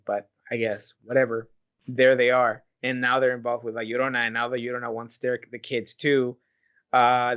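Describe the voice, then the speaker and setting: A man casually retelling a horror movie plot on a podcast, swearing often and telling it with energy. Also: mid-range voice. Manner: swears a lot, animated storytelling. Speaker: podcast host. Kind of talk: casual chat. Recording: dull lo-fi podcast audio.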